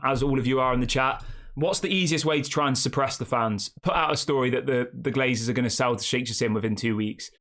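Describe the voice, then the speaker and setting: A man's voice: mid-range voice, a bit bright. A man hosting a fan channel live stream, rambling casually and reacting to the chat with rhetorical questions.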